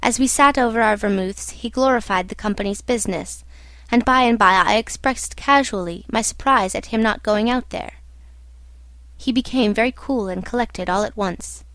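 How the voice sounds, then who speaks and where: A woman narrating a classic novel as an audiobook in a measured storytelling manner. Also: on the high side, fairly bright tone, no echo.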